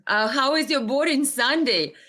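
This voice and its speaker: A woman's voice: high-pitched, normal speed, sharp tone. A woman hosting a casual live stream, chatting with viewers and greeting them by name, sometimes stumbling over names.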